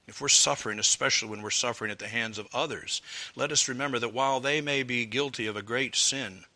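A man preaching a sermon earnestly, rising to fervent appeals and dropping low for quoted prayers. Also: quick pace, pushed and bright.

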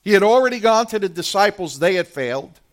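Male preacher with a high voice, passionate pulpit delivery that rises and falls, talks directly to his congregation. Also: expressive, fairly quick. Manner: impassioned preaching, swelling from hushed to loud; addresses the congregation directly, who answer back. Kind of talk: sermon.

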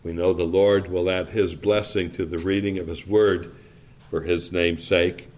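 Slow, measured low-voiced male preacher. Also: level tone, a little mellow. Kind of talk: sermon reading and exposition.

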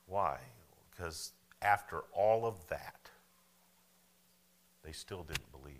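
Bright-voiced preacher man. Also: low voice, expressive, slow. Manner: folksy, asks the congregation "Amen?" and "okay?"; swings from loud preaching to hushed asides. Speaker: pastor. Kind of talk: sermon.

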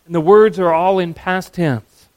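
A man preaching a sermon, earnest and emphatic, slowing down to stress key words. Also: high-pitched, darkish tone, no room sound.

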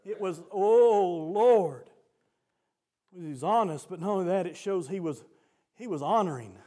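Preacher man, high-pitched, swings between low talk and fervent shouting. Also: animated, brisk. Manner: rising to fervent shouts, then dropping low. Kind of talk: sermon.

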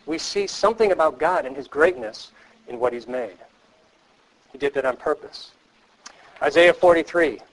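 Guy teaching a counseling class, kinda high voice, earnest, keeps asking the room questions. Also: lively intonation, moderate pace, pauses often, poor audio. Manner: earnest, emphatic, repeats key phrases; asks the class rhetorical questions. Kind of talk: teaching lecture.

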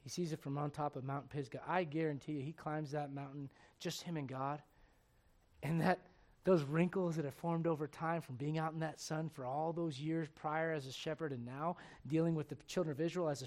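A pastor with a slightly high voice preaches emphatically, erupting in loud bursts and putting direct questions to the congregation.

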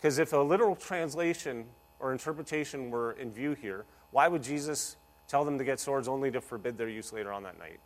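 A man preaching a sermon as a pastor, energetic and playful, with big swings in loudness. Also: mid-range voice, brisk. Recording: long hall reverb.

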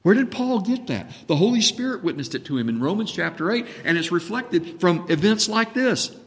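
A man preaching a sermon as pastor, impassioned, dropping to a hush and then rising to a booming voice. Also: animated, moderate pace. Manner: impassioned, swings between hushed and booming when voicing Jesus. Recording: reverberant hall.

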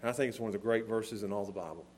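A man preaching a sermon with passion, dropping to a hush and then rising to shouts. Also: fairly low pitch, rapid-fire, a little hiss or hum. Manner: impassioned, swinging from hushed to shouting.

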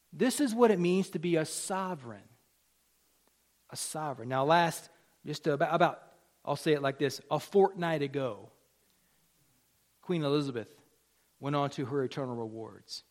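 A man preaching a sermon in a church, animated, swinging between loud emphasis and hushed asides. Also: sits high. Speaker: pastor.

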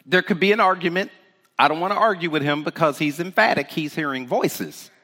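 A man preaching an informal sermon, emphatic and conversational, often checking in with the listeners with a quick "right?". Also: fairly high pitch, in a large hall. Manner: animated, emphatic, rhetorical "right?" asides.

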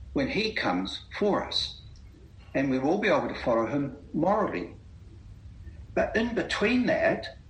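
Man, preacher, slow, earnest, bright, roomy echo. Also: medium pitch. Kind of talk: Bible reading meeting talk.

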